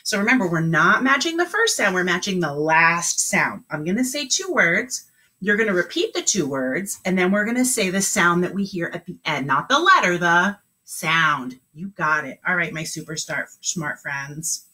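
A woman's voice: lowish voice, sing-song, moderate pace, sharp tone. A woman teaching a remote kindergarten lesson, talking in an encouraging, sing-song way with lots of praise.

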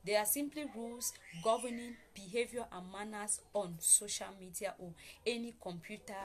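A woman's voice: mid-range voice, normal speed. Emphatic woman teaching online manners. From Africa. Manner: repetitive and emphatic, explaining step by step. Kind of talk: casual spoken lesson to camera.

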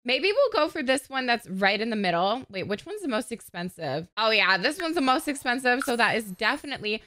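Loud, excitable woman gamer. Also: a little high, fairly quick. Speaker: gaming host. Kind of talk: casual gameplay commentary.

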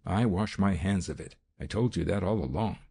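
A man's voice: deep voice, moderate pace, gravelly, warm tone, breathy edge, full character voice. A man voicing a reluctant male conspirator refusing a scheme, in an audiobook. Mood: defiant.

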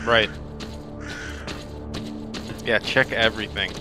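A man's voice: lowish voice, slow pace. Joking man gaming with game music. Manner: joking and excitable. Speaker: co-op gamer. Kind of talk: casual let's-play chat.

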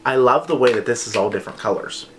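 Young man, casual vlog chat, rambling, lots of fillers, mid pitch, faint background hiss. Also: quick pace, a bit bright. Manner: chatty, rambling, says "like" often. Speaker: vlogger reviewing wax melts.

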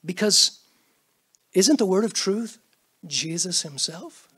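A middle-aged pastor preaching a sermon in church, swinging between loud bursts and hushed asides and acting out quoted prayers and greetings. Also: male voice, high voice, expressive, slow, breathy edge. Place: church sanctuary.

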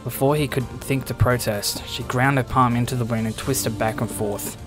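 A man's voice: mid-range voice, steady tone, moderate pace, over music. Man narrating a game's story text. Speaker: reader of game story text.

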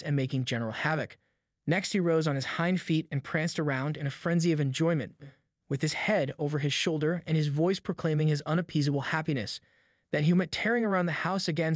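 A man narrates a classic story in a steady, measured reading voice. His pitch sits a little high for a man. The sound is dry and close, with no room around it. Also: no room sound. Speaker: audiobook narrator. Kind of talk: scripted narration.

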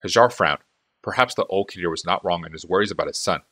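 A man's voice: low-pitched, quick pace, pushed and bright. A man reading a fantasy novel aloud as a fan audiobook, telling the story expressively. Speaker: audiobook narrator.

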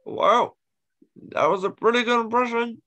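A man doing an impression of a male politician with a slow, deliberate cadence. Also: extremely high pitch, fairly even intonation, pushed and bright, pitched above the performer's own voice. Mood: measured.

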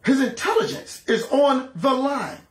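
A man's voice: extremely high pitch, lively intonation, unhurried. A man hosting a political reaction show with sarcastic, mocking commentary. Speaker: commentary host.

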